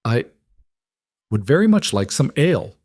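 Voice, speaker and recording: Brief: man playing a humbled storybook duke, low voice, proper and precise, dry close sound. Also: animated, brisk, a little mellow, dry recording. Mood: offended.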